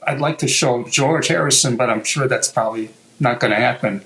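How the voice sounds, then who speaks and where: An older American man, a guitar maker, telling a story in a lively, casual way, swearing now and then and acting out what people said. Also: mid-range voice, brisk, rough recording. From United States. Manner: animated, swears, acts out quotes. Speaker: guest luthier.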